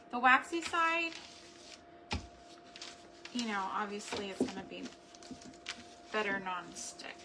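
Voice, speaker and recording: A woman's voice: mid-range voice, lively intonation, takes it slowly, long pauses, heavy background noise. A woman chatting casually while she crafts at home, thinking aloud and laughing at her own mishaps. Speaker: craft and homestead vlogger. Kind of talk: casual crafting chat to camera.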